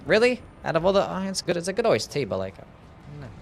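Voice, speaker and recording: A man's voice: sits high, huge pitch swings, fast, gravelly, a little hiss or hum. A man with an Australian accent, chatting casually to his viewers while streaming a game, joking and swearing freely. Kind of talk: casual gaming livestream chat.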